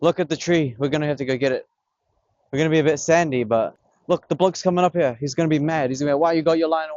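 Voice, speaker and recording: A young man, excitedly filming himself fishing on a beach, swearing and talking in slang. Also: fairly high pitch, quick pace, no room sound, lo-fi sound. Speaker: vlogger. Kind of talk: casual fishing vlog commentary. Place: outdoors on a beach by the water. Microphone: camera on a tripod.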